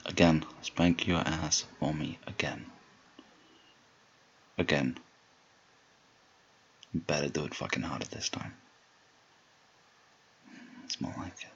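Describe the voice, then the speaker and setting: A man in a whispered role-play, speaking in a slow, low murmur with a commanding, teasing manner. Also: steady tone, lo-fi sound, slight background noise.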